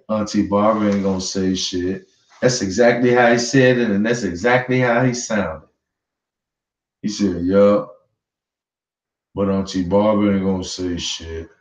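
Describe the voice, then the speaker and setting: A man giving casual commentary straight to his viewers, emphatic and repetitive, swearing freely as he presses his points. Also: lowish voice. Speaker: online news commentator. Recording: roomy, dull lo-fi sound.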